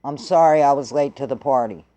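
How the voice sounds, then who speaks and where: Vlogger, casual storytelling, heated, profane, blunt, warm low tone. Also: fairly quick. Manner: blunt, heated, swearing freely.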